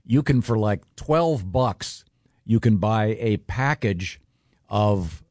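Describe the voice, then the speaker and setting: Casting: man in his forties, radio host, low mellow voice, easygoing. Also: lively intonation, slow, dry recording, clean studio sound. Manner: leading questions, easygoing storytelling. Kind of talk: casual radio chat.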